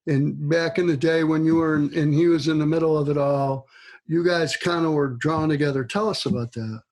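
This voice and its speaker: A man hosting an interview over a video call, asking friendly, relaxed questions. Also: fairly high pitch, brisk, rough recording. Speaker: host, association CEO. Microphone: video call, away from the mic.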